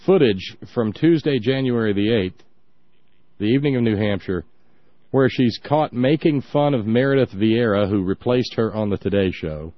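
A man's voice: on the low side, moderate pace, no room sound, highs cut off. A man hosting a talk show in casual chat, wry and rambling, with many fillers and restarts.

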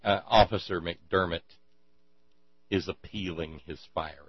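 A man with a low voice rants with indignation and dry sarcasm, stumbling over fillers as he pushes his argument. The sound is muffled and lo-fi, with a close, dead room. A steady electrical hum runs underneath. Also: unhurried, no echo. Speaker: commentator. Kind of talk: ranting monologue. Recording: dry, dull lo-fi with mains hum.

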